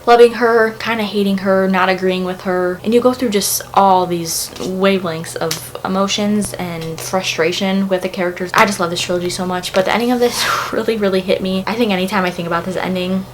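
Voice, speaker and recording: A young woman chats about books she loves, her mid-pitched voice gushing and warm with feeling. She speaks casually to camera from a room at home, with a faint hiss of ambience behind her. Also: steady tone, brisk, few pauses. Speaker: book vlogger. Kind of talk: casual book recommendation vlog.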